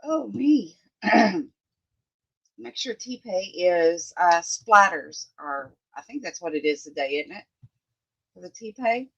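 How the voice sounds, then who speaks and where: A woman's voice: lowish voice, animated, slow, a bit bright, no echo, highs cut off. A woman hosting a casual crafting live stream from her home desk, chatting as she works, greeting viewers by name and thinking aloud. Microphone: phone.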